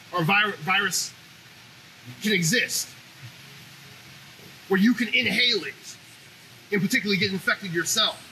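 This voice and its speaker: Man, show host, very high pitch, sharp piercing tone, animated profane rant. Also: slight background noise, low-quality recording. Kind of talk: opinionated monologue.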